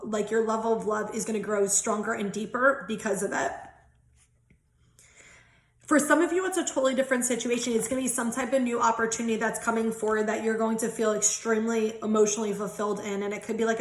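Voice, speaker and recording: Uma mulher de uns trinta e poucos anos faz uma leitura de cartas espirituais em tom de conversa, falante, risonha e com palavrões soltos. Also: female voice, fairly high pitch, reverberant. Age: 30s. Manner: chatty, giggly, swears casually. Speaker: tarot and angel card reader. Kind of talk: casual spiritual card reading.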